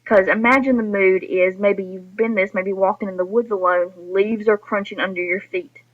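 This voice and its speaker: A woman's voice: mid-range voice, steady tone, normal speed. A woman teacher giving a recorded lesson to her students, explaining patiently and speaking to them directly. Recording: dull lo-fi recording.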